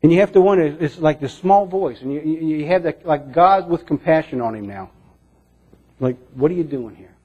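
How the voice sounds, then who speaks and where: A man preaching with a fairly high, mellow voice, earnest and shifting between emphatic lines and hushed ones. The sound is dull and lo-fi, like an old sermon tape. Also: animated, normal speed. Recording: dull lo-fi recording.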